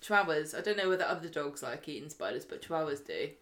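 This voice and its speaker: A woman co-hosting a podcast, chatting in a bubbly, lively way. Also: low voice, quick pace. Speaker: podcast co-host. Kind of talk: casual chat. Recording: roomy room sound.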